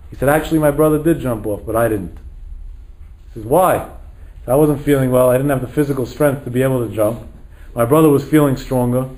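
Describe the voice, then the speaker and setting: A man delivering a sermon as a rabbi, telling a story in sprinkled phrases. His voice sits in an ordinary middle pitch. He acts out each character's words, swells to emphatic highs and sinks to hushed low lines. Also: poor audio. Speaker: rabbi lecturer.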